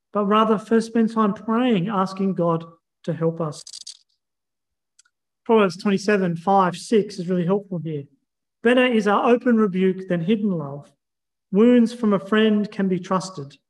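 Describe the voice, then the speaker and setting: Man, preacher, high-pitched voice, measured earnest sermon delivery. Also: darkish tone, low-quality recording. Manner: earnest, measured teaching with scripture readings.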